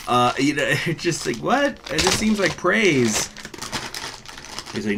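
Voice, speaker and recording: A man's voice: a little high, expressive, a little slow, gravelly, fairly bright tone, a little hiss or hum. A man hosting a gaming channel, chatting casually and rambling to his viewers in an offhand, profane way. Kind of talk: casual chat to live viewers.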